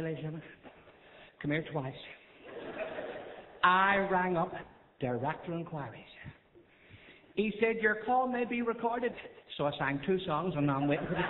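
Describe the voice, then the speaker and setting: A Northern Irish comedian fires off one-liners to a live crowd, coaxing them in between jokes. His voice sits high, and the sound is tinny and narrow, with a long hall reverb and a noisy background. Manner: chatty, coaxing the crowd, rapid gag delivery. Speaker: stand-up comedian. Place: large theatre stage. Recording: echoey theatre, tinny thin sound, noisy. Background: audience laughter.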